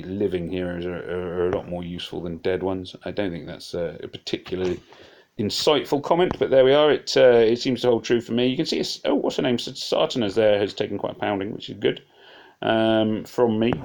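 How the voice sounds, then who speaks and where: Rambling man with a lowish voice. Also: creaky, a little mellow. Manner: rambling, self-deprecating, many fillers and restarts. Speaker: game commentator. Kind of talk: casual gameplay commentary.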